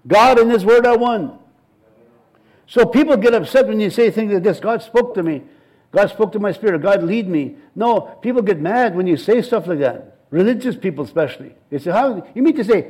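A man's voice: sits high, a little mellow, rough recording. A middle-aged male pastor preaching a sermon, emphatic and repetitive, building in intensity as he presses his points.

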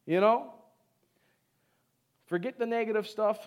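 A pastor preaching to a congregation, urging them on in short repeated phrases and asking them to answer back. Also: male voice, high-pitched, a little slow. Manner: exhorting, call-and-response with the congregation. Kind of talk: sermon. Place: church service before a congregation.

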